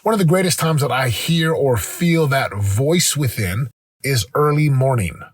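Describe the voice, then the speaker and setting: A man's voice: medium pitch, measured pace, breathy edge, dry recording. A man hosting a motivational podcast, telling a personal story in an earnest, rambling way with many restarts. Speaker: podcast host.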